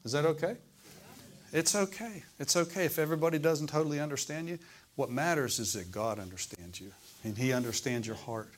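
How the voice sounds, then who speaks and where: Preaching man swinging loud to hushed. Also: on the high side, brisk. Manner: preacherly, asks the congregation questions, swings between loud and hushed. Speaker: pastor. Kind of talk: sermon. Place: church service.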